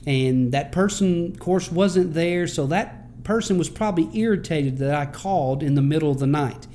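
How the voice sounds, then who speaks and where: A man's voice: fairly high pitch, moderate pace, mellow, a little hiss or hum. A man, a pastor, giving a conversational sermon and telling stories with frequent restarts.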